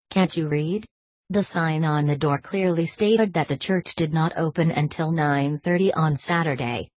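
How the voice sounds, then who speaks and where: A woman reads an audiobook in a measured, steady way. Her voice is low and husky, and the recording is dry and close with no room sound. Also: no echo. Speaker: audiobook narrator. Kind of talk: audiobook narration.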